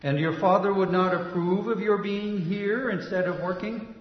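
Skit role: man as a formal Midwestern-accented shrink, slightly high voice, echoing hall. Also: moderate pace, far from the mic, lightly acted. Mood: courteous. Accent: Midwestern American. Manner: formal, politely questioning. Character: male psychologist doctor giving spiritual counsel in a church skit. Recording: echoey hall, dull sound.

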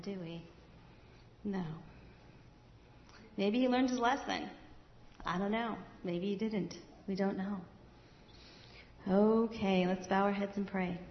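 A woman in a church telling a Bible story to children in a lively way, asking them questions and leading a prayer. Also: medium pitch, measured pace, creaky, long pauses, a little hiss or hum. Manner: animated, talking directly to children. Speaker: children's sermon leader. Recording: echoey hall, dull sound.

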